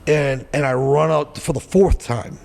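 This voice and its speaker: A man in his forties telling his story as a podcast guest, in a blunt, profane and animated way. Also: fairly high pitch, measured pace, gravelly, long reverb tail. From New Hampshire, US. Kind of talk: storytelling interview.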